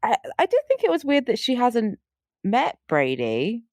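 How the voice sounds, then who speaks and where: Woman podcast co-host, weary and dry, pitch swinging wildly, dry close sound. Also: wildly swooping pitch, unhurried, darkish tone, no room sound. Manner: tired, yawning, dry asides. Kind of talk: casual chat.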